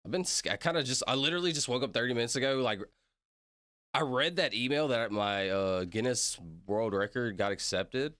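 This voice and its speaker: A man's voice: mid-range voice, fairly quick, a bit bright, no echo, clean studio sound. A man chatting casually on a livestream, rambling, laughing often and apologizing a lot to his chat. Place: at his computer streaming.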